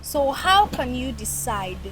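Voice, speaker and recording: A woman hosting a talk show, asking measured questions that prompt her guest. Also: high voice, sing-song, music in the background. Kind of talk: casual talk show discussion. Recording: noisy, slightly distant mic.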